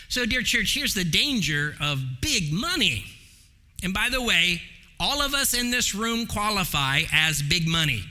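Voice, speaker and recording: Animated male pastor in a reverberant church. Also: high voice. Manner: emphatic preaching with dramatic slowdowns and raised voice. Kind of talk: sermon. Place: church sanctuary. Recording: long hall reverb in a church.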